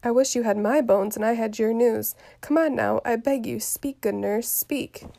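A lovesick young girl pressing for news, as a woman reads her from a play, spoken quietly with some words slipping into a whisper. The voice sits a little high, with a gravelly fry and a mellow, dark tone. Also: normal speed. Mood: eager. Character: impatient lovesick teenage girl. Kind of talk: reading a play aloud.

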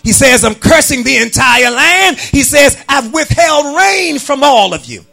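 Pastor guy preaching, high gravelly voice, half singing half shouting at the church. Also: sing-song, a little slow, faint music behind. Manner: preaching with sung, shouted cadence; calls out to the congregation. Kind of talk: sermon.

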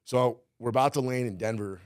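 A man's voice: mid-range voice, brisk, no echo, clean studio sound. A man being interviewed, telling a story casually with lots of "like" and some swearing. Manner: rambling, heavy use of "like", swearing. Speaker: guest, former cannabis cultivator.

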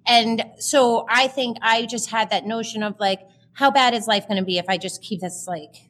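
Woman, 30s, podcast guest; high-ish voice, candid, emotional, filler-heavy storytelling. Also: fairly even intonation, moderate pace, fairly bright tone.

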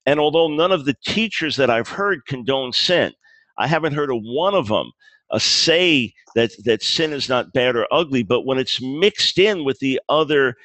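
A man's voice: medium pitch, expressive, normal speed, fairly bright tone, no echo. A man being interviewed about his book, explaining his views earnestly, often restarting phrases and acting out quoted dialogue. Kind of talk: conversational interview.

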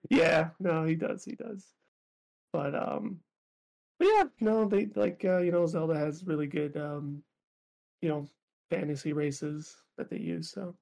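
A man with a gravelly, somewhat high voice chats casually as a podcast co-host. He laughs often and trips over his words, restarting sentences as he goes. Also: steady tone, a little slow, long pauses, a little mellow. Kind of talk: casual chat.

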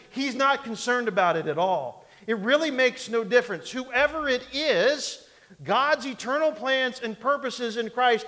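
A man's voice: very high voice, animated, a little slow, pushed and bright. A male pastor preaching a sermon in a conversational, folksy way, often asking the congregation for an amen and joking along the way. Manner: folksy and humorous, slips into mock voices. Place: church sanctuary. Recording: long hall reverb in a church.

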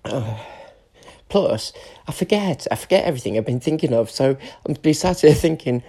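A man's voice: mid-range voice, lively intonation, normal speed, warm tone. A British man in his forties, tearful and emotional, ranting in an unscripted solo podcast monologue and swearing often. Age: 40s. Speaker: podcast host.

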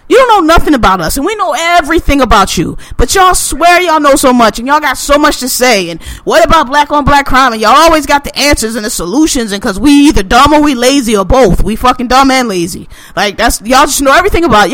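A man co-hosting a podcast, talking in an animated, profane, ranting way. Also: very high voice, brisk, dry recording. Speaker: podcast co-host. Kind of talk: casual podcast chat.

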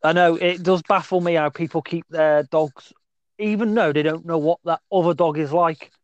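A man's voice: a little high, steady tone, normal speed, no echo, dull audio. A man co-hosting a podcast, bantering casually, laughing and swearing as he tells stories. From English West Midlands. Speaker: podcast co-host.

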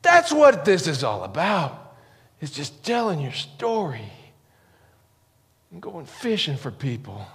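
A middle-aged man preaches and tells stories with lively energy, jumping into loud acted-out shouts. His voice sits a bit high for a man. A long reverb trails behind him, as in a large church hall. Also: takes it slowly, long pauses. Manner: animated, acts out quotes with sudden high yells. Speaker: pastor. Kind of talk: sermon storytelling.

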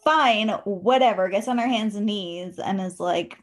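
A woman's voice: medium pitch, moderate pace, darkish tone. A woman in casual chat about a book, retelling scenes with giggly outrage.

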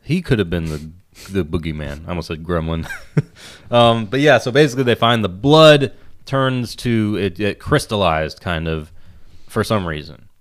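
A man's voice: sits low, moderate pace. A young man chatting casually about a movie, rambling and swearing now and then.

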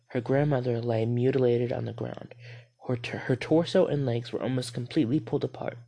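A man's voice: mid-range voice, creaky, warm tone, husky. A man narrating a horror story steadily, with small stumbles and self-corrections.

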